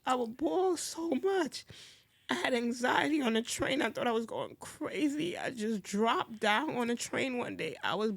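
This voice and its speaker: A woman's voice: on the high side, lively intonation, normal speed, creaky, dry recording. A woman, a guest on a podcast, telling her story with passion and repeating herself as she rises near to tears. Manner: impassioned, repetitive, rising to near tears. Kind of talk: emotional testimony in a podcast conversation.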